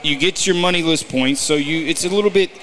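A man co-hosting a casual golf talk show, explaining betting picks and tour events in a halting way with many restarts. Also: on the high side, fairly bright tone. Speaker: golf podcast co-host and picks analyst. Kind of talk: casual sports chat.

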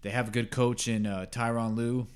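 A man hosting a solo sports podcast, talking in an opinionated, rambling way with many fillers and restarts, rising in pitch and volume when he gets heated. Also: level tone, normal speed, smooth. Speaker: podcast host.

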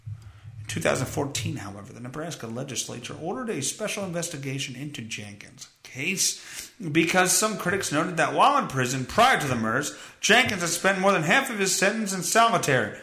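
A man's voice: on the high side, very animated, a little fast, vocal fry, pushed and bright, roomy sound, rough recording. A man hosting his own podcast, ranting in a crude, profane and joking way. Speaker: podcast host. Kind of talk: solo comedic rant podcast.

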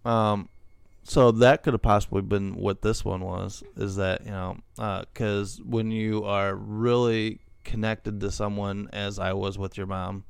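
This middle-aged host of a laid-back podcast reads stories from posts, laughing a lot and dropping jokes along the way. He speaks with a fairly low, level voice, a bit slowly, with vocal fry and a smooth texture, on a dry recording.

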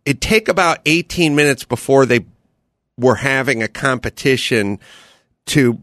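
A man's voice: mid-range voice, unhurried, fairly bright tone, dry recording. A man hosting a podcast, chatting casually in a studio and acting out quoted bits as he tells a story. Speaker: podcast host. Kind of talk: casual comedic studio chat.

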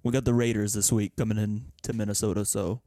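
Man, podcast co-host, mellow dark voice, dry close sound, relaxed rambling chat. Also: lowish voice, quick pace, no room sound. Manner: easygoing, rambling, with lots of fillers. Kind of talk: casual sports podcast chat.

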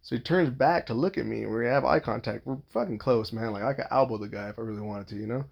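Gravelly, profane man telling a story. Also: mid-range voice, fast talker, muffled recording. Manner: rambling and profane, heavy swearing and restarts. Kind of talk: casual storytelling monologue.

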